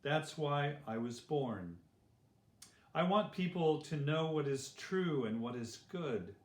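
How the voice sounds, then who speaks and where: A calm, gentle teacher-king, read by a man in a children's story, speaking earnestly and without hurry. His voice sits a little high and rings in a roomy space. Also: slow. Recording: roomy echo.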